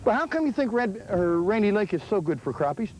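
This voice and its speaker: High lively guy fishing off a boat, all excited, old vhs hiss. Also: fairly quick, poor audio. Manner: excitable, exclaiming and laughing while reeling in fish. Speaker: fishing show host. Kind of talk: casual on-the-water fishing chat. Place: outdoors on a boat on a lake. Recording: 1980s VHS field audio with light noise.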